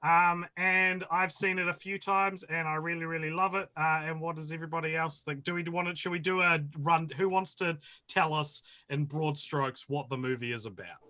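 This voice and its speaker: A man leads a relaxed movie chat as host. His voice is bright and sits a touch high, and he laughs often between points. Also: moderate pace, hardly any pauses. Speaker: podcast host. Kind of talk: casual podcast chat.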